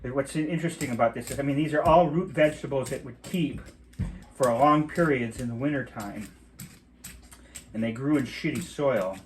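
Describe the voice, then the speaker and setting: A middle-aged man demonstrating a recipe in his home kitchen, talking in a loose, chatty way with rambling asides and the odd mild curse. His voice sits at an ordinary pitch for a man. Knife chopping and clicks come through clearly behind him. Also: moderate pace, a little hiss or hum. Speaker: home cooking host. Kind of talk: casual cooking demonstration.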